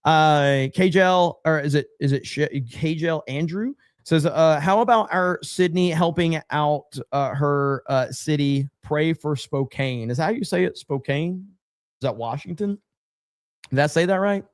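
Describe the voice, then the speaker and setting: A man's voice: fairly high pitch, normal speed. A man hosting a casual live stream, rambling and reading viewer chat aloud. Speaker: livestream host.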